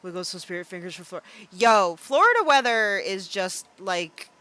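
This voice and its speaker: A young woman streaming a game, chatting playfully and thinking out loud with plenty of fillers. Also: medium pitch, expressive, moderate pace. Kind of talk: casual live-stream game commentary.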